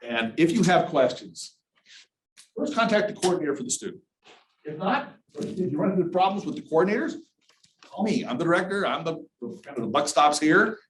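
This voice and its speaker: A middle-aged man directing a university accessibility office, giving a workshop presentation to an audience in a candid, conversational way with dry, dark humor. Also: fairly high pitch, big pitch swings, brisk, echoey room, slight background noise, low-quality recording.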